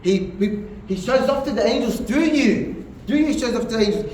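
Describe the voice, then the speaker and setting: High-voiced man preaching in an echoey hall. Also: expressive, fairly quick, darkish tone. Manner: earnest, repeats phrases for emphasis. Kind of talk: sermon. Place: mosque hall. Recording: echoey hall, distant mic, faint noise.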